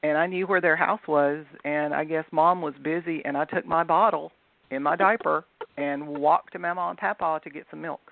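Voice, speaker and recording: A woman from the American South tells stories as a guest author, chatty and quick to laugh. Her voice has a gravelly, creaky edge. The sound is tinny and phone-like, and the room is dry. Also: low voice, steady tone, dry recording. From Southern United States. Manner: chatty, laughs often while telling stories. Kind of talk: casual storytelling interview.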